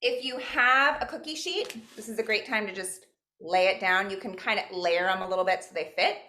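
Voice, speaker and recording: A woman's voice: medium pitch, normal speed, bright, forceful tone. A woman teaching a virtual cooking class, upbeat and encouraging, weaving Spanish words and counting into her instructions. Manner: upbeat, mixes in Spanish phrases and counts aloud. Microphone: video call.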